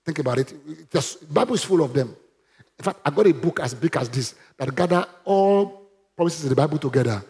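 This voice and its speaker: A man's voice: fairly high pitch, animated, a little fast, a little mellow. A man preaching a sermon, emphatic and calling on the congregation to repeat after him. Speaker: pastor.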